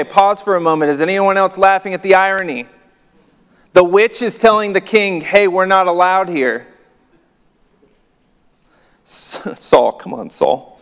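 A man preaches a sermon, reading scripture and stopping for chatty, wry remarks. His voice sits a little high for a man. It rings out with the long echo of a large hall. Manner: conversational, wry asides, reads verses aloud. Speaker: pastor.

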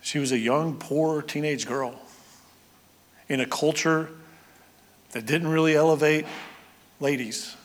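A man preaching a sermon as pastor, moving between loud, excited storytelling and quiet, hushed emphasis. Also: a little high, slow pace, long pauses, in a large hall.

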